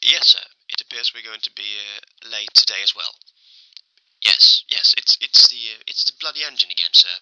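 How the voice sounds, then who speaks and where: A man's voice: on the low side, animated, moderate pace, sharp tone, smooth, dry recording, low-quality recording. A man doing a flustered British tank crewman.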